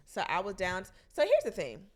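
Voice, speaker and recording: A woman's voice: medium pitch, huge pitch swings, moderate pace. A young woman co-hosting a podcast, talking in a playful, goofy, casual way. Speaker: podcast co-host. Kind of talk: casual chat.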